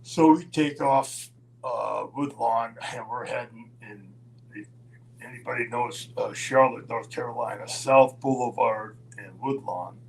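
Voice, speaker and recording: Gravelly older man telling road stories. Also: medium pitch, poor audio. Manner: rambling, chuckling, halting with fillers. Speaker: guest storyteller. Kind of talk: casual anecdote on a live stream.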